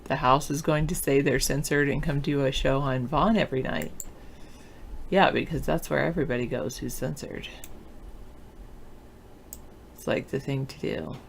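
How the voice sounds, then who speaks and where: Sleepy offhand host, gravelly creaky voice, just chatting w/ viewers. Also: mid-range voice, fairly even intonation, normal speed, pauses often, a little hiss or hum. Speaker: teacher hosting a political talk show. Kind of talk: casual chat, reading and answering viewer comments.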